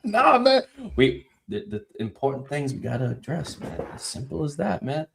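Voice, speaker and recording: A man co-hosting a casual sports podcast, talking in a relaxed, slangy way with drawn-out fillers. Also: medium pitch, creaky, a little hiss or hum. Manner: laid-back, slangy, drawn-out filler words. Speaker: podcast co-host.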